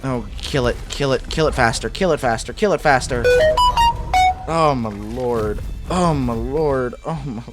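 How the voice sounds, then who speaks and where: A man's voice: medium pitch, measured pace, over loud music. Exasperated cursing young man gaming. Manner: exasperated, profane, talking to in-game animals. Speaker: gaming video creator. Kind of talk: casual gameplay commentary and narration.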